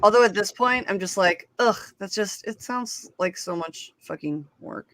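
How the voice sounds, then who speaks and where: A woman's voice: mid-range voice, animated, moderate pace, fairly bright tone, no echo. A woman in her thirties, a guest in a casual chat, bantering sarcastically and swearing often. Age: 30s.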